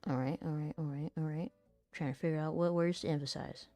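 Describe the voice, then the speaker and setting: A woman's voice: deep voice, fairly even intonation, fast, mellow, no room sound, faint music behind. A woman voice actor chatting casually while she rehearses, rambling, self-deprecating and laughing often. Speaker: voice actor and content creator.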